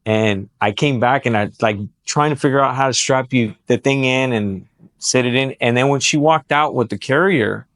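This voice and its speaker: A man's voice: mid-range voice, moderate pace, no room sound, clean studio sound. A young man and pastor with a Texan accent, telling a family story in casual conversation and acting out other people's lines. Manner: animated storyteller who acts out quotes. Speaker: pastor and podcast host.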